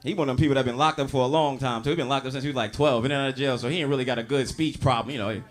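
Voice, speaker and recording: A man's voice: medium pitch, steady tone, racing. A man doing a stand-up comedy set on stage, brash and profane, talking straight to the crowd with audience laughter behind him.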